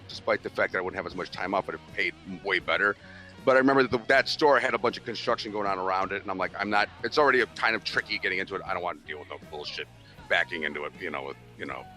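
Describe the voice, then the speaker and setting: A man in his forties telling a long story in a casual chat, swearing constantly and acting out what people said. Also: low-pitched. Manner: animated, swears constantly, acts out quoted voices.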